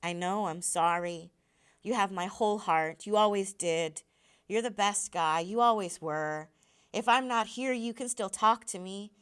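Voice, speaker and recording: A woman voicing a weary, dying father who quietly reassures his son, while reading a novel aloud. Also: mid-range voice, unhurried, clean tone, close to an everyday voice. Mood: reassuring.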